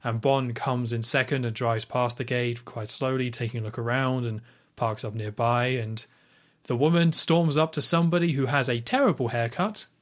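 Podcast host, man, middle pitch, rambling casual recap with lots of fillers. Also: moderate pace. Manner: rambling scene retelling, full of "like" and restarts. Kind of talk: casual film recap chat.

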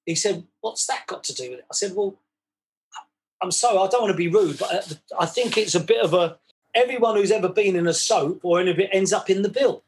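A man from England, appearing as a podcast guest, tells stories casually and acts out both sides of old conversations. His voice sits high and he talks a little fast.

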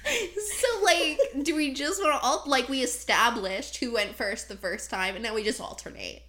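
A woman's voice: on the high side, normal speed, bright, forceful tone. A woman co-hosting a podcast, chatting casually and playfully, laughing often. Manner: giggly, playful banter. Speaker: podcast co-host. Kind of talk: casual chat.

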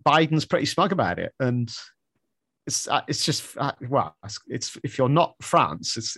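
A man's voice: medium pitch, fairly bright tone, no room sound, clean studio sound. A man co-hosting a casual news chat, thinking aloud with repeated words and a wry tone.

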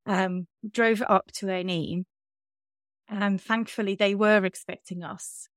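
A woman's voice: mid-range voice, steady tone, unhurried, fairly bright tone, no echo, studio quality. Candid woman telling a story. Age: 30s. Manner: candid, self-mocking storytelling with frequent fillers. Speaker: podcast host. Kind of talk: casual chat.

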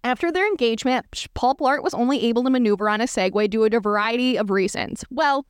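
A woman's voice: a little high, fast, clear, resonant tone, no room sound, studio quality. Woman reading aloud with asides. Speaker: podcast host. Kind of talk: comedic read-aloud of fan fiction.

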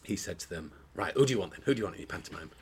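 A man's voice: sits low, expressive, very fast, a little mellow, slightly rough. A man, a pantomime dame actor, chatting as a podcast guest, telling jokey anecdotes with frequent restarts and bursts of laughter. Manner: storytelling, jokey, many restarts, breaks into laughter. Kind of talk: casual chat, anecdotes. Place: indoor podcast recording.

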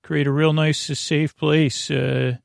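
Creaky-voiced man rambling at bedtime. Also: on the high side, little pitch movement, takes it slowly, dry recording, studio quality. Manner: meandering, many filler words and tangents. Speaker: podcast host.

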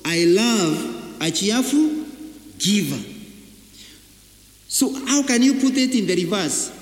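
A man preaches in a high voice, pressing each point with rhetorical questions and repeated phrases. His sermon rings through a roomy church hall with a long, trailing echo. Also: a little mellow. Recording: echoey hall reverb.

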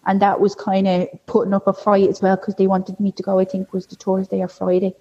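Husky, mellow woman telling a story. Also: medium pitch, monotone, a little fast. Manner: chatty, heavy use of "like" fillers. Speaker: podcast guest sharing a birth story. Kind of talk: candid conversational storytelling. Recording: dull lo-fi recording.

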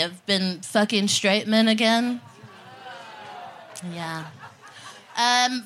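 A woman's voice: fairly high pitch, fairly bright tone, slight background noise. A woman performing a crude, punchy stand-up set live on a festival stage, laughing through her jokes. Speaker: stand-up comedian, guest.

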